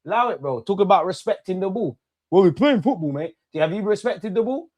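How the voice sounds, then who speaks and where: A man's voice: sits high, expressive, brisk, a little mellow, dry recording. A young man, a streamer ranting and mocking rival fans in slang-heavy banter during a live football watch-along. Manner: brash, mocking rants with London slang.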